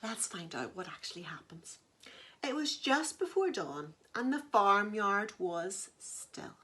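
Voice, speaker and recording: Brief: bright, unhurried woman storyteller reading to kids, asks questions along the way. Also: medium pitch, a little hiss or hum. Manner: animated, asks the children questions. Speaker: children's storyteller. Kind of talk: reading a picture book aloud.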